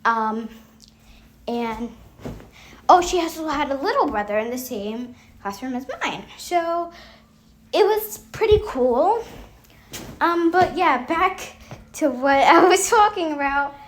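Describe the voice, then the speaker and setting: A woman's voice: high-pitched, expressive, slow pace, long pauses, slight background noise. A young woman telling a rambling storytime, with lots of fillers and frequent laughs. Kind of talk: casual storytime vlog.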